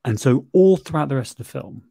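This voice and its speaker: A man's voice: medium pitch, expressive, fairly quick, gravelly, warm tone, dry recording, studio quality. A man reflecting on a film in casual chat, thoughtful, often restarting, and sweary.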